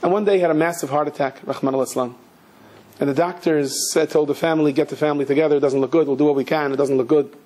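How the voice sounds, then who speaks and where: A man delivers a sermon as a string of stories. His voice sits a touch high with a husky grain. He acts out the people in his tales and breaks into shouts when the scenes turn heated. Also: quick pace. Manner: animated storyteller acting out voices, shouting in quotes. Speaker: rabbi giving a talk. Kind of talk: storytelling sermon.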